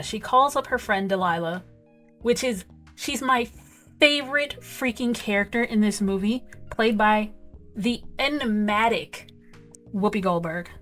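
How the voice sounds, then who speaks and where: A woman hosting a casual movie review, talking in an animated, emphatic way with lots of asides. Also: mid-range voice. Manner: animated, emphatic, repeats "okay?" and "whatever". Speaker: film reviewer, host.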